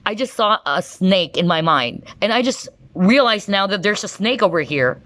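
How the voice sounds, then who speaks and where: A woman's voice: medium pitch, normal speed, few pauses. A woman giving a pick-a-card tarot reading to camera, enthusiastic and chatty, often breaking into exclamations and checking in with the viewer. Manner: enthusiastic, excitable, frequent exclamations.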